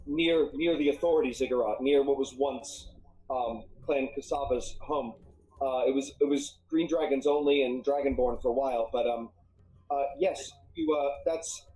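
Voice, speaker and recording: A man narrating a tabletop game as game master, halting with many ums and uhs. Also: mid-range voice, darkish tone, rough recording. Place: live stream.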